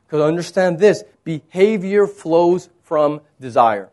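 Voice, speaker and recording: Animated man preaching a sermon. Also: unhurried. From Texas. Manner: animated, swings between soft low asides and raised emphatic points. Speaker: pastor.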